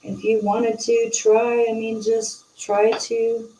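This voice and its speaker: A woman hosts a casual chat and slips into animated storytelling. Her voice is mellow and dark. She sits some way from the mic in an echoey room. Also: fairly high pitch, slow, distant mic. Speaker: host.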